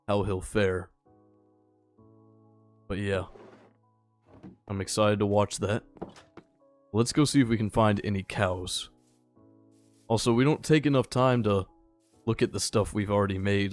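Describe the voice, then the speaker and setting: A young man casually chatting and rambling while he plays, sometimes calling out to the animals in the game. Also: fairly low pitch. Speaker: gaming channel host. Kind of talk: casual gameplay commentary.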